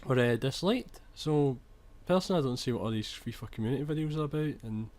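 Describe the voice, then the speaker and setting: A man's voice: medium pitch, fast, a little mellow. A young man commentating over his own football video game footage, chatty, restarting sentences and swearing when annoyed. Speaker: gaming commentator.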